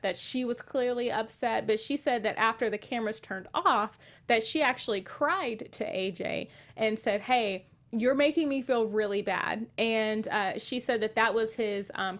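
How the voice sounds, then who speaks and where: Woman host leading a casual panel chat. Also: fairly high pitch. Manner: reads live chat comments aloud, leads the discussion. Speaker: podcast host.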